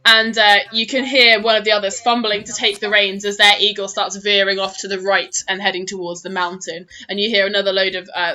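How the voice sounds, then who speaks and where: Woman, dungeon master, tabletop game narration, giggly, bright tone. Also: mid-range voice. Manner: giggly, laughs often while narrating.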